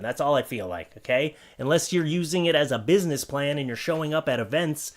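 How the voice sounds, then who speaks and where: A man's voice: mid-range voice, brisk, few pauses. A man giving joking, sarcastic commentary on odd items from online listings, as the host of his comedy channel. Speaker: comedy YouTuber.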